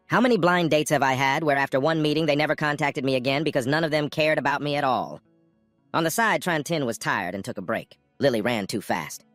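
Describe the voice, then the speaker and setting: A man's voice: medium pitch, a bit bright, no room sound. A man narrating a comic story recap in a scripted way, jumping into character lines now and then.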